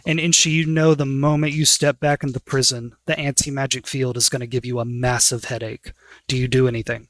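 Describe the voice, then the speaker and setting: Male game master, tabletop game narration, loose and full of fillers, mid-pitched, dry close sound. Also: flat delivery, fairly quick, fairly bright tone, no room sound.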